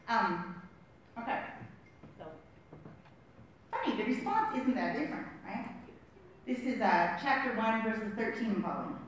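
Middle-aged woman, Bible study teacher: high, animated, chatty asides, very echoey room. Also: normal speed, pauses often, slight background noise. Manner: chatty, self-deprecating, frequent asides and "right?" tags.

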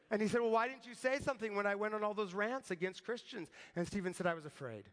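A man's voice: high-pitched, expressive, fairly quick, hardly any pauses, fairly bright tone, big-room sound. A man preaching a sermon, telling a story in a conversational way and often checking in with "right?". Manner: conversational, tag questions like "right?".

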